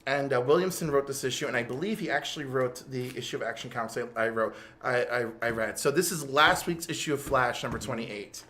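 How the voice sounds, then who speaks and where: Man chatting in an animated, rambling way. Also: medium pitch, fairly quick, few pauses, a little hiss or hum. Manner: animated storyteller, full of "like". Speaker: co-host. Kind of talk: casual chat. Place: game store.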